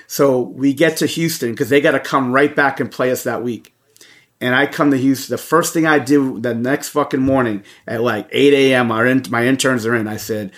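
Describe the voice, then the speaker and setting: A man co-hosting a podcast, telling a story in casual chat with heavy swearing and animated energy. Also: medium pitch, moderate pace. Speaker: podcast co-host.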